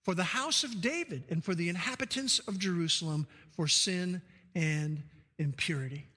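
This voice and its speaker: A man's voice: high-pitched, moderate pace, sharp tone. A male preacher delivering a sermon, emphatic, repeating key phrases for stress. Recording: long hall reverb.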